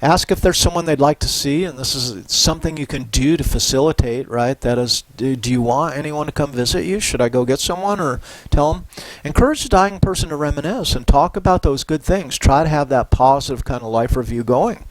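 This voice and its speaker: A middle-aged man giving a university psychology lecture in a relaxed, conversational way, often tagging on "right?" and "you know". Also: fairly high pitch, a little fast, hardly any pauses, no echo, poor audio. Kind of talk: recorded lecture.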